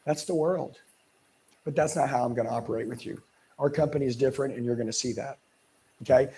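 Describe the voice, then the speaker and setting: Male sales coach, dark husky voice, hard-driving and emphatic. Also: medium pitch, fast. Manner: intense, emphatic, blunt coaching. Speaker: sales trainer. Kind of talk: live sales coaching seminar.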